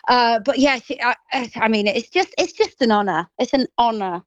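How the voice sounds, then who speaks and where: An English stage actress in her thirties with a Grimsby accent chats effusively as an interview guest, full of restarts and "like." Her voice is a little high and animated at normal speed, though the dry recording has poor audio quality.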